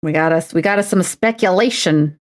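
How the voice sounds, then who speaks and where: A woman's voice: lowish voice, normal speed. A Canadian woman in her twenties chatting on a livestream while painting a model, playful and self-mocking. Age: 20s. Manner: playful and self-mocking, slips into announcer voices. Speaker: streamer. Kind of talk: casual livestream chat while painting a miniature.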